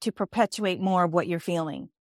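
A woman's voice: on the low side, brisk, dry recording. Brief: woman coach guest, insistent and repetitive, close dry voice. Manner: emphatic, repeats key phrases, restarts often. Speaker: executive life coach and author. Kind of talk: interview guest explaining ideas.

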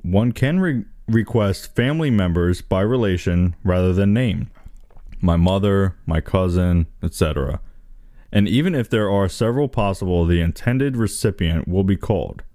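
A man with a low, mellow voice reads a text aloud to a friend and jokes about it. His pitch moves around a lot, and he keeps slipping into laughter. The sound is dry and close. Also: lively intonation, moderate pace, no room sound. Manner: giggly, breaks into laughter while reading. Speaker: co-host reading an entry aloud. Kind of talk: casual chat, reading text aloud with commentary.

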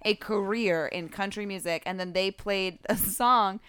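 A woman co-hosting a casual podcast chat, animated and quick to act out what others said. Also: mid-range voice, smooth, no echo. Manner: animated, quotes others in mock voices. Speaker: podcast co-host.

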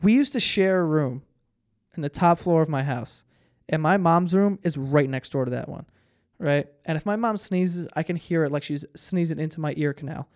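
A man's voice: on the high side, moderate pace, a little mellow, no room sound, studio quality. A tired young man hosting a solo podcast, telling stories in a rambling, profane, self-interrupting way. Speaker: podcast host. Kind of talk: solo casual podcast monologue.

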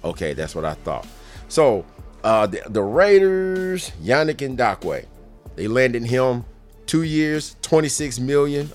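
Low-voiced man riffing on sports news. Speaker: sports commentator. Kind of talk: casual sports commentary.

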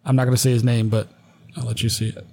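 A man's voice: medium pitch, little pitch movement, fast, gravelly, warm tone. A man co-hosting a podcast, agreeing along and making sarcastic, profane remarks in casual banter. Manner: agreeable, sarcastic, reads listener messages aloud. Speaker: podcast co-host.

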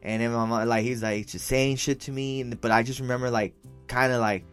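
Young guy rattling off a story fast, lots of slang and swearing, drops spanish phrases, faint music behind. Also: mid-range voice, steady tone, clean tone. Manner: slangy and profane, mixes in Spanish phrases, says "fool" often. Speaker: podcast co-host telling a story. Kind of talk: casual storytelling chat.

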